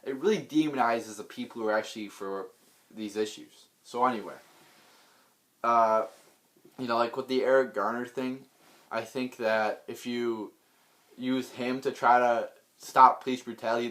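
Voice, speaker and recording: A man's voice: fairly low pitch, fairly bright tone. A man delivering an unscripted political rant, blunt and profane, rambling with many restarts and repeated words. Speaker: political vlogger.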